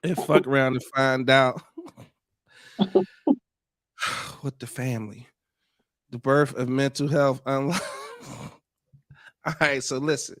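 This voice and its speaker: A man's voice: medium pitch, steady tone, takes it slowly, long pauses, a bit bright, no room sound, clean studio sound. A man hosting a podcast, casually breaking down a video with loose, profane talk and frequent laughs. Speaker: podcast host.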